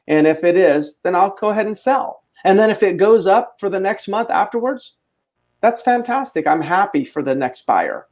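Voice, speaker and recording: A man's voice: sits high, normal speed, darkish tone. A man co-hosting a real estate show, giving his opinions in a casual way and often restarting his sentences. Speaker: realtor co-host. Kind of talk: casual market discussion.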